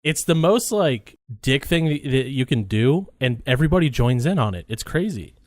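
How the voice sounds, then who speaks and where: A young man co-hosts a podcast in casual chat, telling rambling stories loaded with "like" and other fillers. His voice is dry and close, with no room in it, and sits at an average pitch. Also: sing-song, normal speed, dry recording. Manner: rambling, filler-heavy storytelling with lots of "like". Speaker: podcast co-host.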